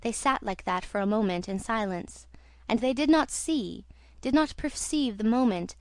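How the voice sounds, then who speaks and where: A woman's voice: a little high, no echo. Woman narrating an audiobook, dry close sound. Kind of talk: scripted narration.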